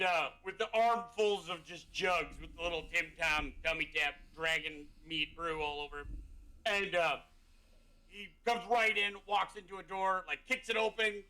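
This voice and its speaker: Narrating the tabletop session as its game master, this man laughs a lot and rambles, leaning heavily on filler words. His high-pitched voice sounds pushed and bright, and the audio is poor.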